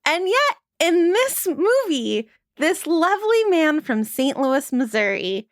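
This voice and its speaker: A middle-aged woman hosting a podcast, moving from a scripted intro into playful, wry chat with quick asides. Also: very high voice, sing-song, dry recording, clean studio sound. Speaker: podcast host.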